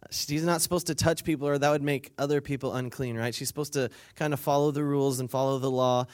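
At a weekend retreat, a man with a steady, mid-range voice gives a conversational sermon at a quick pace. He reads scripture, then retells it casually in his own words, acting out the people in the story, laughing along and asking the crowd to say lines back to him.

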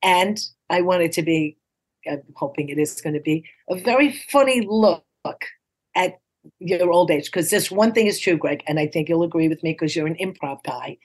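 Woman, sixties, from New York City, comedian guest, low-pitched, lively and encouraging, acts out dialogue. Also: normal speed. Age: 60s. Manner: lively, acts out quoted dialogue in playful voices; encouraging, punchline-driven delivery. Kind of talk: casual interview storytelling.

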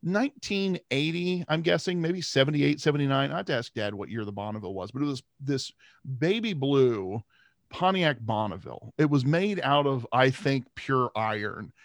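A man's voice: mid-range voice, animated, normal speed, no echo, clean studio sound. A man co-hosting a podcast, telling stories animatedly and laughing often in casual chat. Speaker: podcast co-host.

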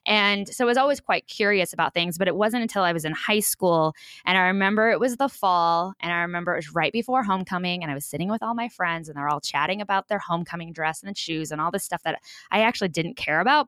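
Casting: talkative woman in her forties, from Kansas, lowish bright voice, dry close sound. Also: dry recording. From Kansas, USA. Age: 40s. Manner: chatty, animated, frequent fillers like "you know". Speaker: guest. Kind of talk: storytelling in a casual interview.

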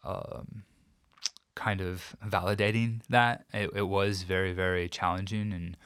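Man, very deep voice, reflective, halting speech, interview guest, dry recording. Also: steady tone, fairly bright tone, clear, resonant tone, no echo. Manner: reflective, halting with many restarts. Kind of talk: personal storytelling in an interview.

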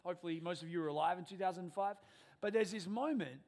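A man in his thirties, a pastor preaching a sermon in a church and telling animated stories. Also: high-pitched, quick pace, gravelly. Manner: animated storyteller, acts out family dialogue.

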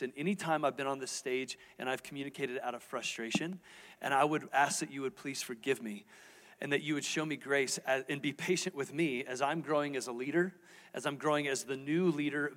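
A man's voice: mid-range voice, fairly quick, fairly bright tone. A middle-aged man, a lead pastor, preaching a sermon from a church stage in a candid, conversational way, asking the audience questions. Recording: reverberant church hall.

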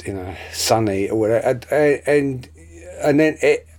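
A man's voice: medium pitch, moderate pace, darkish tone. Stammering man in casual chat. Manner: stammering, repeats words when starting sentences. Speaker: advertising professional. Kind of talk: casual conversation.

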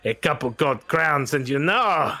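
A man voicing a slick, scheming male gambler in a tabletop game, smooth and coaxing. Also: a little high, animated, a little slow, pushed and bright, no echo, soft background music, exaggerated voice. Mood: sly.

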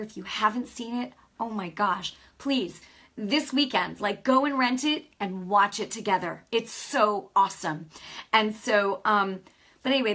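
Woman preacher, husky breathy voice, earnest, emphatic, talks straight to viewers, soft whispered asides. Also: mid-range voice. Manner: talks directly to viewers, many "you know" asides. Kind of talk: spontaneous sermon to a camera audience.

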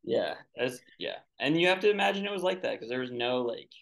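A man co-hosting a casual film podcast, laid-back and often trailing off into soft asides. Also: medium pitch, lively intonation, brisk, vocal fry. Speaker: podcast co-host.

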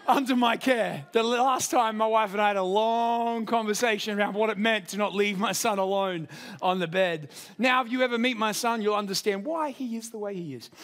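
A young man delivers a sermon in a high, animated voice, weaving in personal stories with self-deprecating humor. He speeds up, then slows down for emphasis.

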